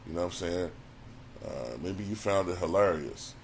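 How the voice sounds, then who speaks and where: With a low, deep voice and some vocal fry, a man talks through a YouTube review of a stand-up special at a moderate pace, as if chatting with his viewers. He tends to repeat words while thinking, keeps saying "you know what I'm saying", and a faint background hiss runs beneath.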